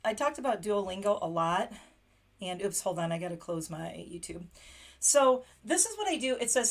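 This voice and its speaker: A woman's voice: mid-range voice, big pitch swings, moderate pace, creaky. A woman from the United States hosting a casual late-night livestream chat. She talks in a chatty way, laughs often and reads short practice phrases aloud. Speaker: livestream host.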